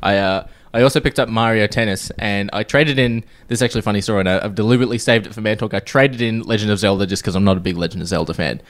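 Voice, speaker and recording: Animated man telling a funny story. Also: fairly low pitch. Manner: animated storyteller, quick to laugh. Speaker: podcast co-host. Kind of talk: casual chat.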